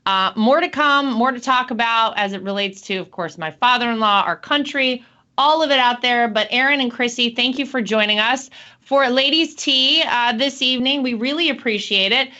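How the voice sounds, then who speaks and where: A woman's voice: on the high side, moderate pace, pushed and bright, muffled recording. A woman hosting a casual chat show, talking in an upbeat, chatty way. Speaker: host.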